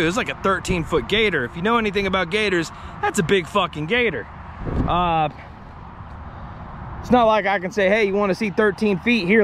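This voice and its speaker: Man, excitable, swears a lot, high voice, outdoor camera mic, faint traffic. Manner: excitable, swears freely, chatty asides. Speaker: paranormal explorer vlogger. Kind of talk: walking vlog narration to the camera.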